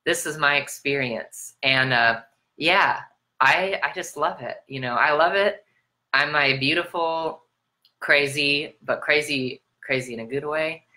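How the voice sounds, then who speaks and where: An American woman with a strikingly low voice delivers a motivational self-love sermon. Her tone is bright and forceful. She stacks rhetorical questions, swears casually, and swings her pitch widely. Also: a little slow. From United States. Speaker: spiritual self-love coach.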